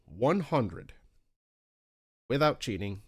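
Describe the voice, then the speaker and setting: Animated, foul-mouthed man telling gaming stories. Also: unhurried, husky. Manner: animated storytelling, swears freely, jumps up in pitch for quoted asides. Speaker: podcast co-host. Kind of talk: casual podcast chat.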